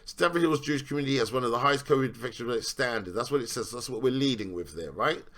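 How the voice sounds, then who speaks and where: A man's voice: mid-range voice, lively intonation, fast, a bit bright. A man reading a news article aloud and commenting on it sarcastically, rambling and asking "right?" again and again. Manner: rambling, repeats "right?" for emphasis; sarcastic, questioning.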